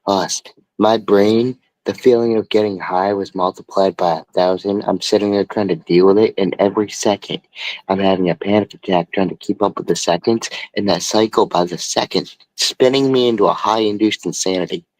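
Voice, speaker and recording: A man hosting a stream, telling a story in a rambling, profane, animated way. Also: fairly low pitch, normal speed, no echo, low-quality recording. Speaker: stream host. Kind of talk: casual storytelling.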